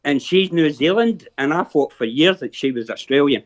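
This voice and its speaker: A man's voice: a little high, animated, normal speed. A man with a Glasgow accent chatting casually as a co-host on a sports watch-along stream. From Scotland. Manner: chatty, says aye. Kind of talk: casual chat.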